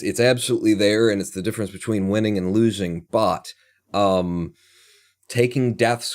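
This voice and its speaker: A man's voice: lowish voice, a little mellow. A man commentating a speedrun race live, chatty and laughing often, with many fillers. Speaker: tournament commentator.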